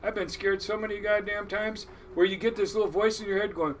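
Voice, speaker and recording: A middle-aged crab fishing captain with a high voice tells stories in a casual interview. He rambles, swears freely and laughs a lot, with faint noise behind him. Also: fairly even intonation, a little fast. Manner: rambling, profane, laughs often.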